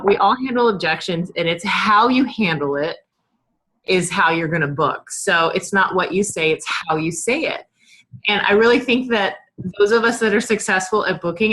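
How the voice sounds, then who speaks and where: A woman's voice: medium pitch, fairly bright tone. A woman in her thirties coaching her sales team in a casual, chatty way, acting out bits of customer dialogue. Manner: chatty, lots of fillers, acts out customer dialogue.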